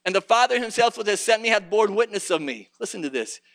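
A man preaching a sermon in an impassioned way, asking rhetorical questions and rising to shouts. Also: sits high, lively intonation, fast talker.

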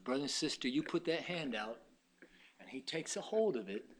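A man preaching a sermon, shouting one moment and dropping to a hush the next, acting out short quotes of God and Satan. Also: medium pitch, lively intonation, normal speed. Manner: swings from shouting to hushed tones; voices God and Satan in little acted quotes.

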